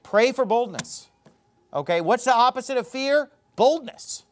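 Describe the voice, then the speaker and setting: A man preaching a sermon, reading scripture and acting out quotes in a mocking, animated way. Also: very high voice, unhurried. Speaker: pastor.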